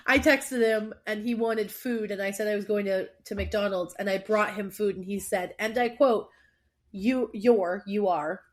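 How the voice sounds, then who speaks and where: Woman, podcast co-host, casual banter, teasing and giggly. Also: mid-range voice. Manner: teasing, quick to laugh. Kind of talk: casual chat.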